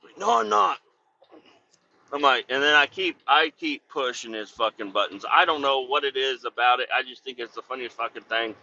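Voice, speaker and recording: A trucker man tells a rambling road story, swearing freely and laughing at his own jokes. His voice is piercingly bright and edgy. The recording sounds dull and lo-fi. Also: medium pitch, brisk, few pauses. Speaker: truck driver and podcast host. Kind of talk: casual storytelling chat. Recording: dull lo-fi audio.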